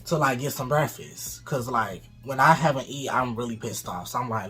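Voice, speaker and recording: Animated, profane man telling a story. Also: medium pitch, normal speed, hardly any pauses, faint music behind. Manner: animated, profane, acts out quotes, laughs often. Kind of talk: casual storytelling chat.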